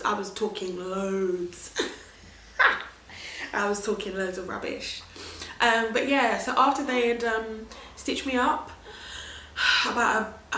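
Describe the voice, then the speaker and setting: A woman vlogging her birth story in a chatty, animated way, often laughing. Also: medium pitch, a little hiss or hum. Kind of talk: casual storytelling to camera. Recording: roomy echo.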